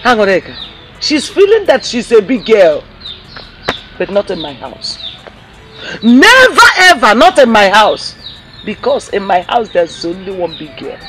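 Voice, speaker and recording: A woman's voice: medium pitch, sing-song, unhurried, background noise. An actress with a Nigerian accent playing a mother who boasts and then pleads with her angry daughter in a film drama. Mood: boastful. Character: proud village mother, soothing and pleading. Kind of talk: film acting.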